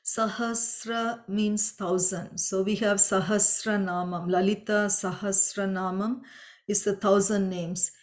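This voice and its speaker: A woman leads a spoken chant lesson at a very unhurried pace. Her voice sits at an ordinary middle pitch. She breaks each sound down with patient care and draws the chanted lines out long. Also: fairly even intonation. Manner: patient, explains pronunciation step by step; chants mantras slowly and drawn out. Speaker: Sanskrit chant teacher.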